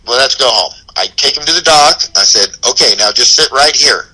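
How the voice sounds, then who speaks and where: A man's voice: mid-range voice, a little fast, rough recording. A man who is a podcast guest, telling a story casually with heavy swearing and acting out quotes in a raised voice. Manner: animated and heavily profane.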